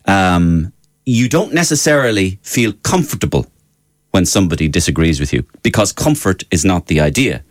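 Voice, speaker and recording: Man, radio host, low voice, lively pitch, dry close sound, emphatic rants. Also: normal speed, dry recording. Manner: emphatic, rising to indignant outbursts with many fillers. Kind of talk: opinion monologue.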